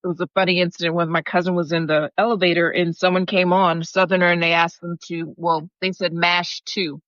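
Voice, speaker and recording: A woman's voice: fairly low pitch, level tone, fast talker, fairly bright tone, no echo. A woman, reassuring and telling a story in casual conversation. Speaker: podcast participant. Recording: dull lo-fi.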